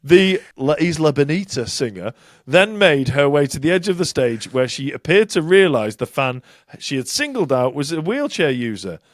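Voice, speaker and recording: A man's voice: fairly high pitch, sing-song, normal speed, no room sound, studio quality. A middle-aged British man co-hosting a podcast, talking casually with indignant, sweary energy. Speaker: podcast co-host. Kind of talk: casual chat.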